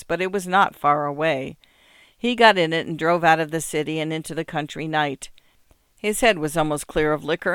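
A man narrating a story in a measured, subdued reading. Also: on the high side, fairly bright tone, clear, resonant tone, no room sound, studio quality.

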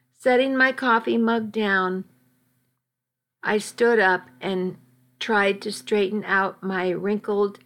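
A woman narrating a first-person story in a calm, even reading voice. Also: mid-range voice.

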